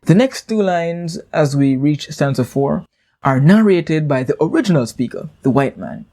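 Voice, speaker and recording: A man giving a line-by-line poetry lesson in a steady, explanatory way. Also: a little high. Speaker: teacher.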